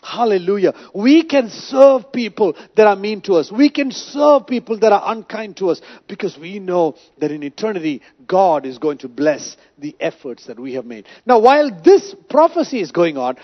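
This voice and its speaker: High, lively male preacher. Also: moderate pace, few pauses, lo-fi sound. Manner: emphatic, preaching with rhetorical questions. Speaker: pastor. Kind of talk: sermon.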